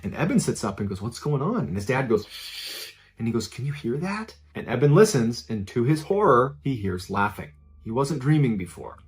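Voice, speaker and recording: A man narrating a true spooky story in a suspenseful storytelling style, dropping to a hushed, low voice at the tense moments. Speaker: podcast storyteller.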